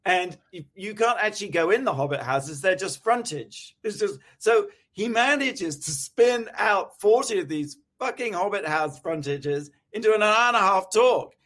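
Wry high-voiced man in casual chat. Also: expressive, moderate pace, few pauses, a bit bright. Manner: wry, casual, swears offhandedly. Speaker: co-host.

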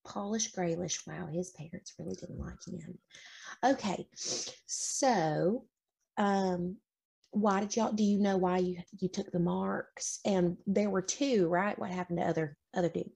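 Woman player, animated and playful, raspy texture with vocal fry. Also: on the low side, unhurried. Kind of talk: playing a tabletop game.

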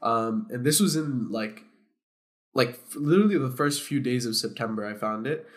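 A young man co-hosting a podcast, telling a story casually to friends. He gets loud and laughs when worked up. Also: medium pitch, normal speed. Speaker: podcast co-host.

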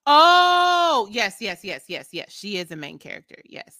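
Slow-talking bright-voiced woman podcast host. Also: fairly high pitch, no echo, studio quality. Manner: relaxed, affirming, brief replies. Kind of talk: casual podcast chat.

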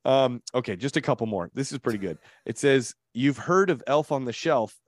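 A man co-hosting a casual chat show, reading funny posts aloud with laughter and lively delivery. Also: medium pitch, normal speed, no echo, studio quality. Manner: animated, laughs while reading. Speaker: co-host.

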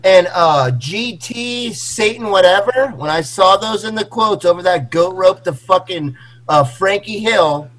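A man in his forties, slightly tipsy, rambling excitably and swearing through a casual chat. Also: high voice, measured pace, poor audio. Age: 40s. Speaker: guest on a call.

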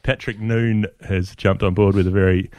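Chatty man, low voice, dry sound. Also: steady tone, moderate pace, a little mellow, no echo. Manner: chatty, wry, thanks listeners by name. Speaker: podcast co-host. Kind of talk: casual podcast chat.

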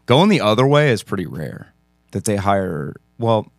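A man's voice: fairly low pitch, unhurried, creaky, no echo, studio quality. A man co-hosting a podcast in casual chat, profane and joking as he riffs on pop culture. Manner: profane, joking, animated riffing. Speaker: podcast co-host.

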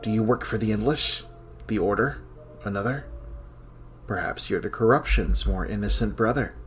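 A man's voice: on the low side, normal speed, soft background music, natural voice. An actor playing a weary, sarcastic male scholar who works alone in an archive, talking with a dry, irritable edge. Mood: wary. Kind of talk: audio drama acting.

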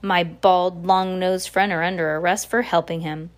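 A woman's voice: lowish voice, steady tone, moderate pace, close to an everyday voice. A woman reading aloud, voicing a stern, formal middle-aged man.

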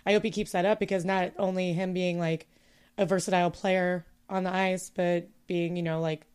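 A woman's voice: lowish voice, flat delivery, moderate pace, darkish tone, clean tone. A woman co-hosting a casual podcast, chatty and playfully teasing. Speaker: podcast co-host.

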